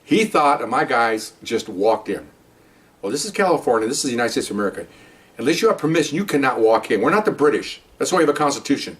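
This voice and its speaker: Older ex-detective, fast and heated storyteller, slightly distant mic. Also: male voice, mid-range voice. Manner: heated, animated, acts out quoted lines. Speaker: retired narcotics detective. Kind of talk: personal storytelling.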